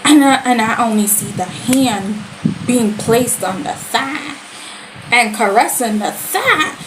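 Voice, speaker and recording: A woman giving a casual, animated and sassy review of a series, full of slang and quoted reactions. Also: fairly high pitch, takes it slowly, noisy background.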